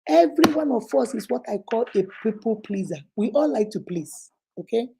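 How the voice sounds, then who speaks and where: A woman's voice: a little high, expressive, normal speed, vocal fry, noisy background. A woman with a Nigerian accent giving emphatic, repetitive motivational advice as the host of her own show.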